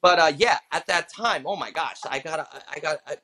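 There's a faint hiss or hum behind this man's fairly high, brisk voice. He's a comedian and impressionist in his thirties, guesting on a casual podcast and bringing his quoted characters to life as he tells stories.

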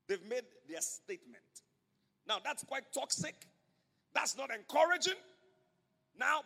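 High-voiced bright male preacher. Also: breathy edge, long reverb tail. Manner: emphatic, repetitive preaching with congregation call-and-response. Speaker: pastor. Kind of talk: sermon. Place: church sanctuary.

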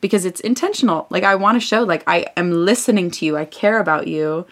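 A young woman with a fairly low voice co-hosts a relaxed podcast. She talks in an earnest, reflective way and leans hard on the ideas she cares about. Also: brisk. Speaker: podcast co-host. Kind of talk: casual chat.

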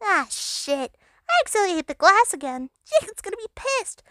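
A woman's voice: extremely high pitch, sing-song, moderate pace, sharp tone, no echo, studio quality, pitched below the performer's own voice, heavily acted. A woman voicing a drunk, flustered young person who stammers in a comedic fanfiction reading.

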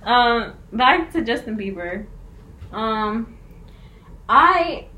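A young woman co-hosting a podcast in casual chat, talkative and quick to laugh. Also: fairly high pitch, lively intonation, bright, forceful tone. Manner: chatty, laughs often. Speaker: podcast co-host.

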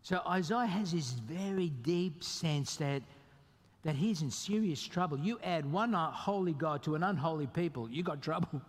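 A fairly high-voiced man preaching to a congregation, emphatic and animated, his voice swinging sharply up for emphasis. A long hall reverb trails after his words. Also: normal speed, breathy edge. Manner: animated, emphatic preaching with sudden pitch jumps. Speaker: pastor. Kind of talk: sermon.

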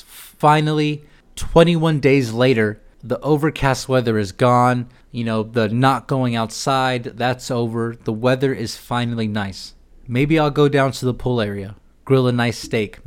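A young American man hosting a podcast, delivering a ranting, profane, exasperated comedic monologue. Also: medium pitch. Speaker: podcast host.

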